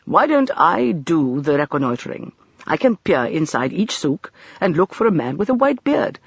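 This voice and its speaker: A man's voice: on the high side, sing-song, normal speed, creaky, husky, no echo, highs cut off, full character voice. An audiobook narrator voicing a practical adult man who speaks in a dry, matter-of-fact way. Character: practical adult male travel companion. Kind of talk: audiobook character reading.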